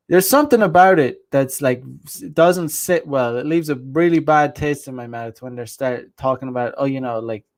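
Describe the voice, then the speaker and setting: A man at a medium pitch hosting a casual livestream, reacting to viewer comments. He talks bluntly and rambles, throws in crude slang, and often breaks off to restart a thought. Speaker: host.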